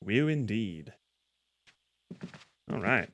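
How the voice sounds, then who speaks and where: A man's voice: fairly low pitch, animated, unhurried, no room sound. A man streaming a game, rambling and correcting himself as he stumbles over words. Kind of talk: casual gameplay commentary.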